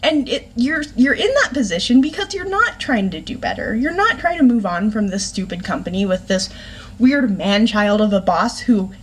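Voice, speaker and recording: A woman's voice: medium pitch, expressive, moderate pace, slight background noise. A woman reviewing a book in a casual, sarcastic rant, swearing and exasperated.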